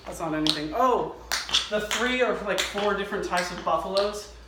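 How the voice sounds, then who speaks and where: A man's voice: high-pitched, expressive, moderate pace, very noisy. A man giving a casual, rambling tap tutorial at home, self-mocking and swearing often. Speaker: tap dancer teaching. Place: home garage. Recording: echoey garage with loud tap clatter. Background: tap shoe clicks on floor.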